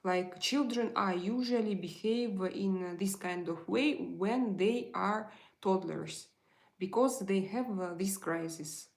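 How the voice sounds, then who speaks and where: A woman, chatting frankly on a live stream and answering viewer comments, halting often to restart her sentences. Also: mid-range voice. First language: Russian.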